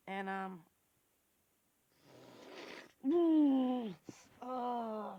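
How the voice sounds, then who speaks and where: A woman's voice: mid-range voice, steady tone, a little slow, gravelly, narrow, tinny audio. A woman talking in a raw, emotional confessional vlog and swearing freely. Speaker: vlogger.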